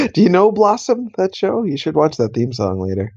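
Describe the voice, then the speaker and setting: A man co-hosting a comedy podcast, making dry, deadpan asides. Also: sits high, moderate pace, creaky, husky, muffled recording. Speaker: podcast co-host.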